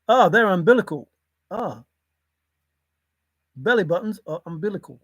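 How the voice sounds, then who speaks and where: A man's voice: high-pitched, lively intonation, normal speed, pauses often, fairly bright tone, husky, dry recording. A man, musing aloud on his own in a playful, rambling way, jumping between silly word associations.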